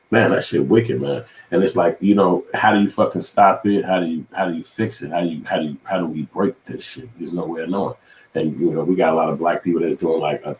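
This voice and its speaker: A man's voice: a bass voice, a little mellow, reverberant. A man giving heated, profane commentary on the news, talking in an impassioned rant.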